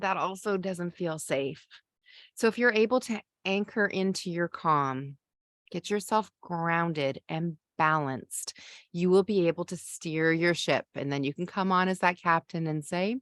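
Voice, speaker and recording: A woman's voice: medium pitch, expressive, normal speed, bright, forceful tone, no room sound, clean studio sound. A woman hosting a live summit stream who talks to her viewers in an encouraging, coaching way. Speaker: summit host.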